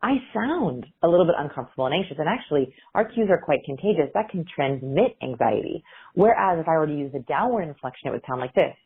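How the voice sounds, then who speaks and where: Woman, low husky voice, explanatory, tinny phone-quality recording. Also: lively intonation, fast talker. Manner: explanatory, demonstrates intonation. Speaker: communication researcher guest. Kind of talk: interview clips. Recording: phone-like line.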